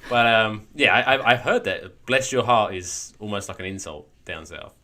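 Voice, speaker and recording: A man co-hosting a casual football podcast, animated and jokey. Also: fairly low pitch, normal speed. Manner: animated, jokey, puts on voices for quotes. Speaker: podcast co-host.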